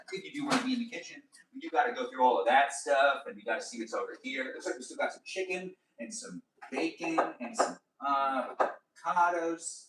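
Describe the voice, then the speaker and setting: A man live-streaming from his home kitchen, chattering endlessly and quickly to viewers as he cooks. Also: medium pitch, a bit bright. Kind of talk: rambling live stream cooking chat. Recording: echoey kitchen, voice from a distance.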